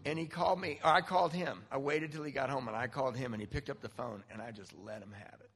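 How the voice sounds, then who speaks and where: A man in his fifties from Southern California, speaking at a recovery meeting and telling a personal story in an animated, self-mocking way. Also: mid-range voice, quick pace, husky. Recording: reverberant hall.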